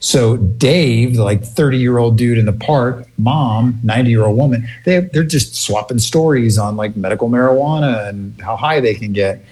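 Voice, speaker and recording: Middle-aged man, casual chat, rambling animated storytelling, laughs often, mid-pitched voice. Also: normal speed, hardly any pauses.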